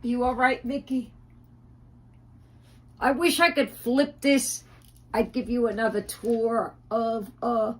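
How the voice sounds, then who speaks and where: Slow-talking, swearing, indignant woman. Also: fairly high pitch, fairly even intonation, a little hiss or hum. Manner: profane, indignant, halting with many fillers. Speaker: livestreamer. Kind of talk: ranting livestream monologue.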